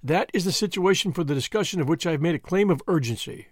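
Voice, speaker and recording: Spoken by a male audiobook reader, an earnest young man of a secret society pleads and commands with lively swings in his voice. He is close and dry on the recording, slightly higher-pitched than most men. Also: fast talker, husky, no echo. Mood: solemn, grave. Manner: earnest, forceful pleading and solemn speechmaking.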